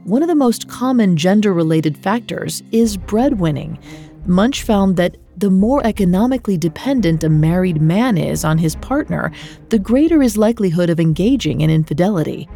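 Female narrator, low mellow voice, scripted true-crime read, faint music underneath. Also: animated, moderate pace, gravelly. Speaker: podcast narrator.

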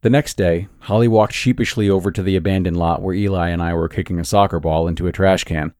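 Give me a man with a very low voice narrating a horror story, measured and dry. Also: fairly even intonation, a little mellow, no room sound.

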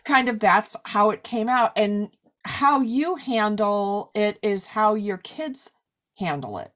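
A woman's voice: mid-range voice, slow pace, a bit bright. A woman in her forties hosting a podcast, chatting casually and filling her talk with "like" and "you know". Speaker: podcast host. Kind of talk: casual interview chat.

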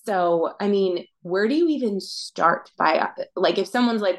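A woman's voice: mid-range voice, unhurried, few pauses. A woman guest on a podcast, in casual chat, reflecting aloud and asking questions as she thinks things through.

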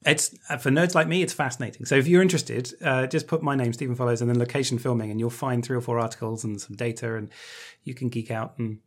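A man's voice: medium pitch, steady tone, fast talker, fairly bright tone. A man co-hosting a podcast, chatting casually and explaining things with nerdy enthusiasm and some laughter. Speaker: podcast co-host. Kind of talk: casual chat.

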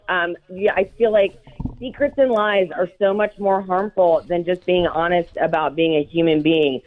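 A woman calling into a talk show, gushing and enthusiastic as a fan. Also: medium pitch. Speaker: caller. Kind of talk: phone-in call. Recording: tinny phone line.

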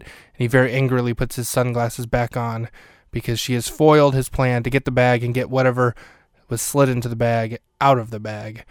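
A man's voice: medium pitch, flat delivery, normal speed, clean tone, no room sound, clean studio sound. A man hosting a podcast, recapping an episode in a chatty, wry way with lots of fillers and restarts. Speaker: podcast host. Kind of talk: casual solo recap commentary.

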